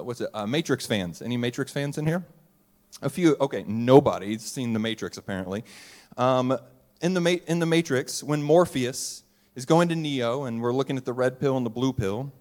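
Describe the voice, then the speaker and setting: Speaking in a mid-range male voice, a pastor jokes with his live congregation during a relaxed, conversational Christmas sermon.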